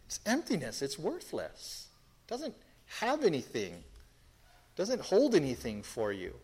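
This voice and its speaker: Emphatic preacher man, lively pitch. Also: a little slow, slightly rough. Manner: emphatic, repeats phrases, many restarts, talks to the congregation. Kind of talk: expository sermon.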